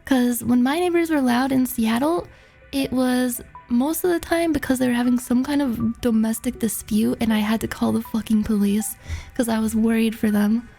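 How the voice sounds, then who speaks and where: A woman's voice: a little high, steady tone, moderate pace, vocal fry, dark tone, faint music behind. A woman streamer in casual chat, rambling and laughing, with lots of "like" fillers. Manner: rambling and laughing, heavy use of "like".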